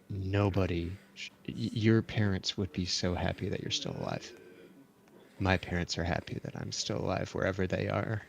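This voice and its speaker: A man voicing a vengeful young fighter who speaks earnestly and haltingly to comfort someone. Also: sits low, creaky, a little hiss or hum.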